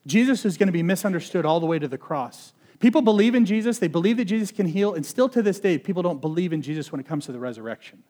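A man preaching a conversational sermon. He swings between loud emphasis and hushed intensity and often says "like". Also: high voice, lively intonation, quick pace, hardly any pauses. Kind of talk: expository sermon.

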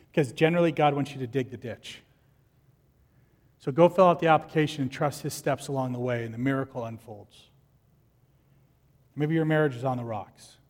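A man preaching a sermon as pastor, lively and animated, acting out the people in his stories. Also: on the high side, big-room sound.

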